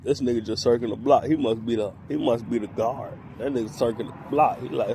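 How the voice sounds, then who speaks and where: A man's voice: medium pitch, brisk, vocal fry, hardly any pauses, noisy background. A man chatting casually in a vlog, narrating what birds around him are doing in comic asides. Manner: animated, voices the birds' thoughts in comic asides. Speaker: vlogger.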